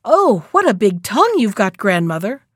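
Innocent curious small girl, voiced by a woman reader; bright, eager, dry close sound. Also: medium pitch, sing-song, moderate pace, dry recording. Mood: wondering. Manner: bright, wide-eyed, eager. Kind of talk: storybook reading.

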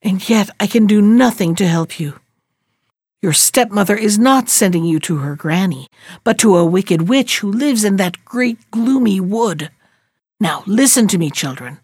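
A woman's voice: mid-range voice, animated, measured pace, a little mellow, breathy edge, dry recording, studio quality. A woman voicing a kind old grandmother in a fairy tale who cries over the children as she warns them. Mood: pitying. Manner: tearful, pleading. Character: tender pitying old grandmother.

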